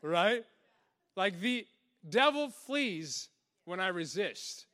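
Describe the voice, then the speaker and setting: A man preaching a lively sermon, animated, often laughing and acting out little voices. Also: high voice, slow pace.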